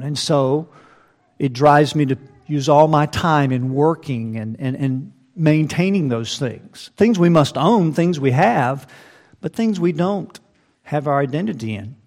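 Man, pastor, sermon, emphatic, rhetorical questions, fairly high voice. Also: lively intonation, measured pace, a little mellow. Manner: emphatic preaching with rhetorical questions, reads scripture aloud.

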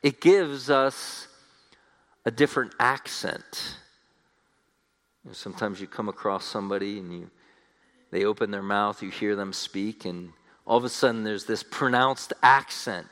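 A man's voice: lowish voice, a little slow, long pauses, fairly bright tone. A man preaching an expository sermon as pastor, emphatic, restating each point in repeated phrases. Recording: long reverb of a large hall.

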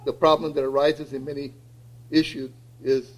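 A man preaching a sermon as pastor, often pausing to ask "okay?" and repeating words as he builds a point. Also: medium pitch, little pitch movement, low-quality recording. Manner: repeats "okay?" to check in with listeners.

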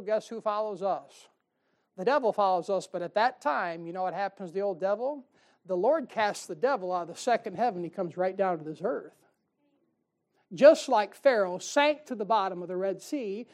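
A woman preaching a Bible-study sermon, chatting with listeners through rhetorical questions and reading scripture slowly and louder. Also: medium pitch.

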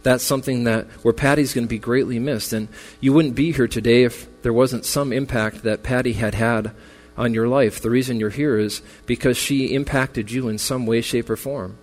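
Consoling pastor in a reverberant church. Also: male voice, mid-range voice, fairly even intonation, normal speed. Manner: earnest, consoling, builds in intensity. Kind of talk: memorial sermon. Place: church sanctuary. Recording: long reverb with faint music.

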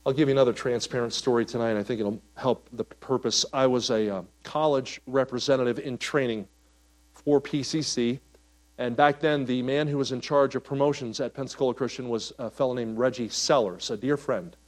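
Here a male pastor with a medium-pitched voice preaches a little fast, telling stories along the way. He shifts from animated, loud sections to quiet, gentle ones and back.

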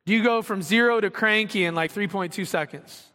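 A male pastor delivers a sermon in a high, bright voice. He reads scripture aloud and acts out quotes with animated emphasis. His words carry a long reverb from a large hall. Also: fairly quick.

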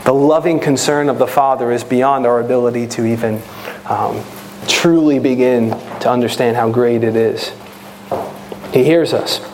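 A man's voice: mid-range voice, moderate pace, a little mellow, a little hiss or hum. A man preaching a sermon in an earnest, teaching manner, a parent of children. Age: adult with children. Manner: earnest, rises to impassioned prayer voice.

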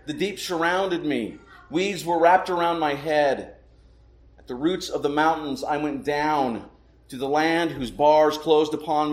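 A man preaching a sermon as pastor, praying and reading scripture in a solemn, measured way, slowing for emphasis. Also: on the high side, roomy sound, rough recording.

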